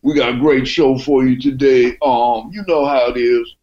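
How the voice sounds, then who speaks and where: A man's voice: mid-range voice, fairly even intonation, moderate pace, darkish tone, dull audio, pitched above the performer's own voice, close to an everyday voice. A man voicing a breezy male podcast host character with loose, upbeat greeting patter.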